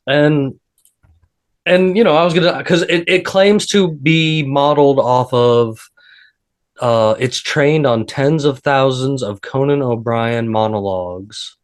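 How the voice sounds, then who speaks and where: A man's voice: medium pitch, a little slow. Rambling male podcast host. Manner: rambling storyteller, many restarts. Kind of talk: casual chat.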